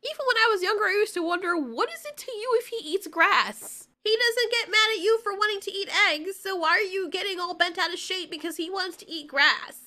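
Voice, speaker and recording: A woman recapping an animated film in a casual, sarcastic, joking commentary. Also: very high voice, fairly quick, few pauses. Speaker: video reviewer.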